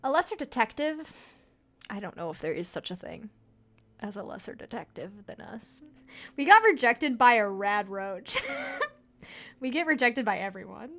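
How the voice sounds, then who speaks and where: A woman talking through a video game in casual chat, with a fairly high voice. She jokes, rambles and breaks into laughter often. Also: big pitch swings, normal speed, pauses often, fairly bright tone. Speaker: game streamer.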